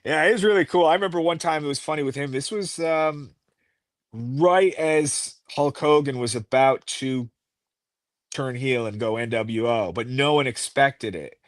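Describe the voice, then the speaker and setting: A man's voice: mid-range voice, moderate pace, dry recording, studio quality. Chatty middle-aged man telling wrestling stories. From United States. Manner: chatty, rambling anecdotes with many fillers. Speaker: pro wrestling guest. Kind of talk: casual interview storytelling.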